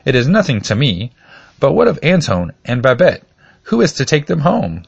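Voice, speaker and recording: A man voicing an excitable old witch woman in a storybook reading, pushing his voice high and strained. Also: normal speed, vocal fry, slightly rough, dry recording, dull audio, exaggerated voice. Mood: scolding.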